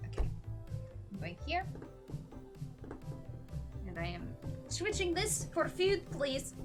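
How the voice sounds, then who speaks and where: A bubbly young woman co-hosting a board game stream, chatting excitedly as she plays. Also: extremely high pitch, slow, over music. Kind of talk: casual chat while playing a board game.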